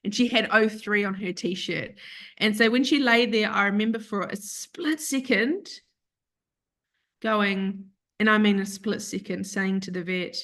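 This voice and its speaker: A woman's voice: medium pitch, measured pace. Woman telling an emotional personal story. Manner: animated, quotes herself and others in lively voices. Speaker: podcast guest.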